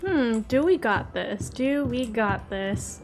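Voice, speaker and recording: A young woman hosting a gaming channel, narrating her play live, excitable and quick to gasp and giggle. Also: fairly high pitch, over loud music. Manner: excitable, gasping and giggling often. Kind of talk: live game commentary.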